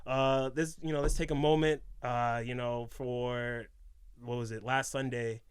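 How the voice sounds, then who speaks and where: A man's voice: medium pitch, flat delivery, measured pace, clean tone, no room sound. A man from Boston co-hosting a casual podcast chat, talking in loose, rambling sentences full of filler words. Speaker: podcast co-host.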